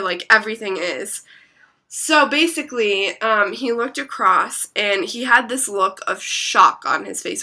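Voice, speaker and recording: Young adult woman, vlog storyteller; piercing bright tone, rambling filler-heavy chatter, casual swearing. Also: medium pitch. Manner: chatty, constant filler words, swears freely. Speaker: vlogger.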